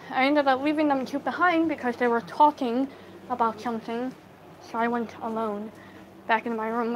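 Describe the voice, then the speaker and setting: A woman with a high voice tells a story to live viewers into her phone, taking her time. She talks in a halting way, full of fillers and restarts. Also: a little hiss or hum, low-quality recording. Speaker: livestream storyteller.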